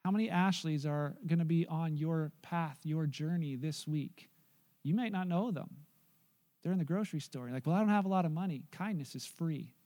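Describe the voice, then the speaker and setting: High-voiced man preaching with animated storytelling. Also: moderate pace. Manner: animated storyteller, acts out quotes, swings from loud to hushed. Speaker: pastor. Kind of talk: sermon with storytelling.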